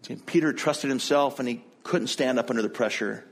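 A man's voice: mid-range voice, brisk. A man preaching a sermon, retelling a scripture story in a conversational, storytelling manner. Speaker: pastor.

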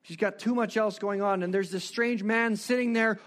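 High-voiced man preaching with animated questions. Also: normal speed. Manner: animated storytelling with rhetorical questions. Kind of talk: sermon.

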